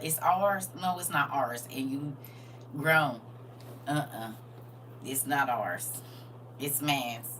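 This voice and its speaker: A woman's voice: extremely low pitch, slow, long pauses, a bit bright, recorded from a distance, a little hiss or hum. An older woman leading a casual livestream Bible lesson, chatting and teasing her viewers as she teaches. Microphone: phone.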